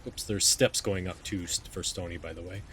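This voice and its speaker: Male game master, very low voice, hesitant narration, tabletop game. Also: steady tone, a little fast, fairly bright tone, a little hiss or hum. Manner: hesitant, many ums and restarts.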